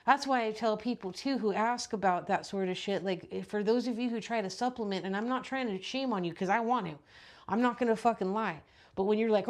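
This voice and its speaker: A woman's voice: on the high side, fairly quick. A woman hosting a podcast, giving a blunt, profane ranting monologue full of rhetorical questions. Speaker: podcast host.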